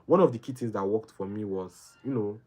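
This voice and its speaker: A man's voice: fairly low pitch, fairly quick, a little mellow. A young man, a doctor chatting casually about study tips, often repeating phrases and checking in with "right?". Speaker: medical doctor and video host. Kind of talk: casual study-advice talk.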